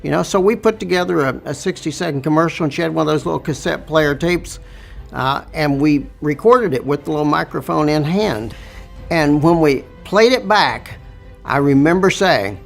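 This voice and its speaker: Middle-aged Southern business owner, slow drawl, raised pitch, light music bed. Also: male voice, vocal fry. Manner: slow, drawn-out delivery. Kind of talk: storytelling interview.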